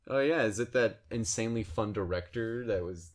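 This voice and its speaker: Male podcast co-host, lower voice, sarcastic and joking in casual chat. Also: a little fast.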